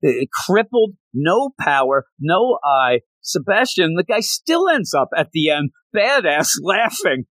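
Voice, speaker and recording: Excitable rambling man, dry sound. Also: high voice, measured pace, few pauses, no echo. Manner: excited, rambling, many restarts. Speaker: podcast co-host. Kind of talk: casual chat about comics.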